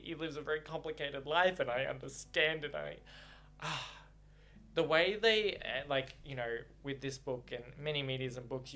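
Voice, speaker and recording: A man's voice: on the high side, bright, forceful tone. A young man reading a novel aloud and reacting to it, effusive and rambling, with plenty of swearing. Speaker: book reaction vlogger.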